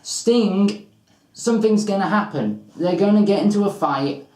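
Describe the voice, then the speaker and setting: A man's voice: sits high, lively intonation, measured pace, a little mellow, roomy sound, a little hiss or hum, low-quality recording. A man co-hosting a wrestling predictions show, debating earnestly with frequent ums and hedges. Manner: earnest, hedging with ums, talks over his partner. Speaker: co-host of a wrestling predictions channel. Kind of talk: casual debate.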